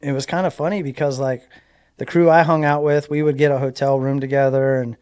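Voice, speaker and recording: A man in his forties from Southern California is a guest in a casual interview, telling an animated story full of likes and you-knows while acting out what people said. His medium-pitched voice is brisk, clear, and resonant.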